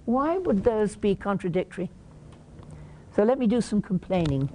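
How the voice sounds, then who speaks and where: Mellow English woman lecturing. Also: mid-range voice, lively intonation, normal speed, slight background noise. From England. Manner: questions the audience and acts out examples. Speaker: conference presenter. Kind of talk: conference lecture.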